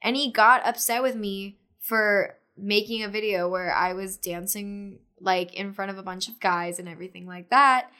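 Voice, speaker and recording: A woman's voice: mid-range voice, moderate pace, few pauses, clean tone. A young woman chatting as a podcast guest, telling a personal story. She talks loosely with constant "like" fillers and acts out what others said along the way. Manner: animated retelling with many "like" fillers, acting out quotes.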